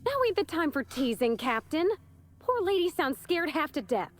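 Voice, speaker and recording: A woman's voice: sits high, animated, moderate pace, faint music behind. An actress voicing a kindhearted young woman crewmate in a video game, folksy and drawling. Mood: chiding.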